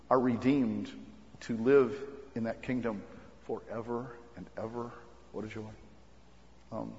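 A man preaching a sermon as pastor, earnest and halting, with frequent ums and restarts. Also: mid-range voice. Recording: muffled recording with long hall reverb.

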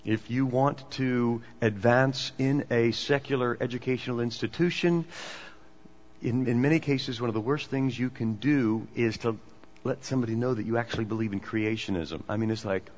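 Male preacher, mid pitch, emphatic then hushed; long hall reverb, muffled lo-fi sound. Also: fairly even intonation, normal speed, slight background noise. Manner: swings between emphatic and hushed delivery. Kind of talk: sermon. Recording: dull, echoey hall recording.

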